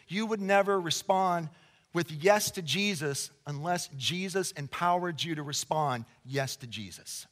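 A man preaching a sermon to a congregation, emphatic and conversational, swinging between loud declarations and hushed passages. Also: sits high, measured pace. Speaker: pastor. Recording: long reverb of a large hall.

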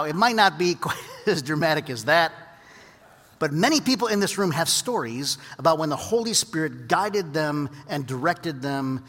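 A man preaching a sermon, telling a lively story and then turning to quiet, earnest teaching. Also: on the high side. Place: large hall with audience. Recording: long hall reverb.

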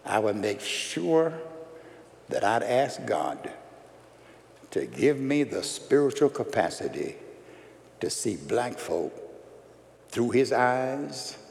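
A man preaching a sermon, with emphatic delivery that rises loud and falls soft. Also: medium pitch, big pitch swings, slow pace, gravelly, long pauses. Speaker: pastor. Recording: long hall reverb.

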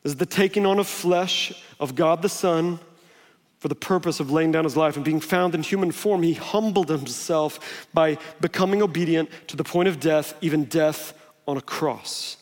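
A man's voice: on the high side, normal speed. A man preaching a sermon, telling stories in a conversational way and acting out the quotes. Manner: conversational storytelling with laughs and acted-out quotes. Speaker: pastor. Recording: long hall reverb.

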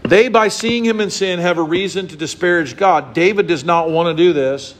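A man preaching a sermon to his congregation, acting out little scenes and voices as he explains a psalm. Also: moderate pace. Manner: animated, acts out scenes and voices with big pitch swings. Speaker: pastor.

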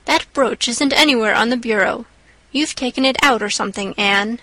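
A woman's voice: on the high side, moderate pace, sharp tone, no echo. Woman voicing a stern older guardian, strict, clipped, dry close sound.

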